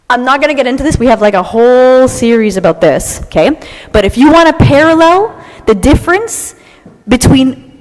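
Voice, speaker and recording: A young woman giving an animated, dramatic talk to a church audience, often tagging her lines with "okay?". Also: high-pitched. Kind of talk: lively talk to a live audience. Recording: long hall reverb.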